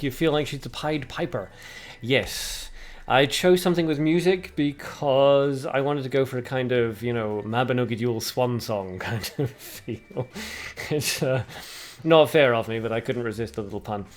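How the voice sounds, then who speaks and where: A man's voice: medium pitch, normal speed. A young man hosting a casual gaming livestream at home on a desk mic. He chats with viewers, reads their comments aloud and laughs at his own puns. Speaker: livestream host.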